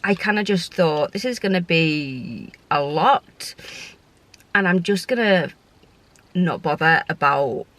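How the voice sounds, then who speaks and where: A woman's voice: fairly low pitch, expressive, slow pace, fairly bright tone, no echo. A woman who works as a short-term foster carer, talking through her feelings in a casual vlog, heartfelt and rambling, with frequent restarts. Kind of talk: casual reflective vlog talk.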